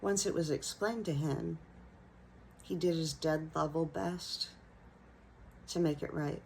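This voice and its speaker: A woman who teaches young children, telling a personal classroom story in a gentle, reflective way. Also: low voice, creaky, a little hiss or hum, rough recording. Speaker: elementary school teacher.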